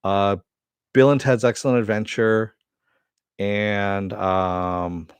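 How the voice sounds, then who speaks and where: Deep-voiced man chatting casually. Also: fairly even intonation, slow, clear, resonant tone, dry recording. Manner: chatty, answers viewer chat, swears. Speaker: host. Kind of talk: casual live-stream chat.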